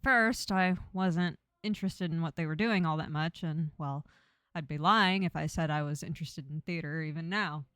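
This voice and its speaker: A laid-back young man from an online game muses hesitantly, lisping a little, as a woman reads him aloud. The voice is bright and forward, smooth and clear, close and dry. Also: low-pitched, moderate pace, dry recording. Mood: musing. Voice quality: lisp from a sore tongue.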